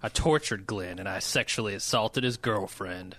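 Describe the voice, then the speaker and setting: A man's voice: lowish voice, normal speed, creaky, fairly bright tone. A man playing a callous, flippant villain leader in a comedy sketch. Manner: flippant, bored cruelty. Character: callous ruthless male villain leader, middle-aged.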